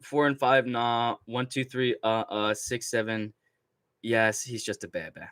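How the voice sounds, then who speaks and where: A man's voice: mid-range voice, fairly even intonation, measured pace, fairly bright tone, smooth, dry recording. A young man hosting a casual livestream, ranting and rambling with constant swearing and laughter while reading chat. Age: young adult. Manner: profane, rambling rants with frequent laughter.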